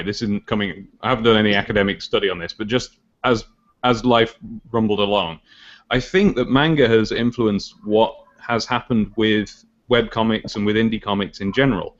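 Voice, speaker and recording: Low-voiced British man musing on a podcast. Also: fairly quick. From United Kingdom. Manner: musing, hedging opinions. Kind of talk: casual chat. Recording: dull lo-fi podcast recording.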